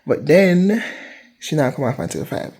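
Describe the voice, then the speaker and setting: A woman's voice: sits low, lively intonation, unhurried, warm tone, slightly rough. A young woman with a Jamaican accent chatting casually in a vlog from her home kitchen, rambling and repeating herself. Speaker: vlogger, seasonal worker.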